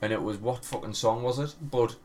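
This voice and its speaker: A man in his thirties chatting on a podcast at a mid-range pitch, telling an animated story. He swears freely and keeps breaking into laughter as he talks. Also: fairly quick. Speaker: podcast co-host. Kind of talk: casual chat.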